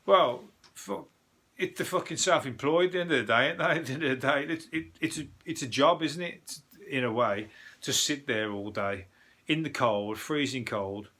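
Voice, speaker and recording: A man with a thick Birmingham accent riffs through the day's news like a comedian on a podcast. His voice is bright and forceful at an ordinary middle pitch. He rambles, swears freely and fills gaps with uhs and ums. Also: moderate pace. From England. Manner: rambling, sweary, joking asides with frequent fillers. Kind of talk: casual news review chat.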